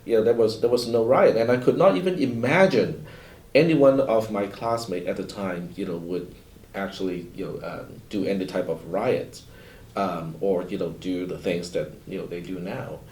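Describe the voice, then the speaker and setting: A man's voice: sits low, moderate pace, a little mellow. A man in his fifties from Hong Kong, a professor answering a panel question in a rambling way, with many fillers and restarts. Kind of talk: panel discussion. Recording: roomy, distant mic.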